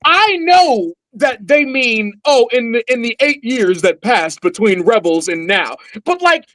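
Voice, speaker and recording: Guy cohosting a podcast, super animated, swearing, dry sound. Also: very high voice, unhurried, no room sound. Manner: animated, swearing, acts out quotes. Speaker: podcast co-host. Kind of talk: casual chat.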